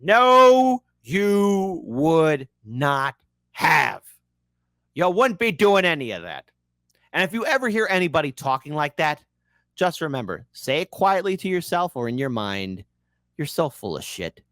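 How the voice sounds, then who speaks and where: A man's voice: fairly high pitch, big pitch swings, measured pace, fairly bright tone, no room sound, studio quality. A man hosting an online commentary show, talking casually with a sarcastic, mocking manner. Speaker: political commentary host.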